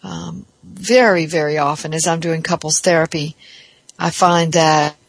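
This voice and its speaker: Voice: medium pitch, steady tone, unhurried, vocal fry, no echo. A therapist giving a reflective podcast talk, explaining ideas step by step in a thoughtful way.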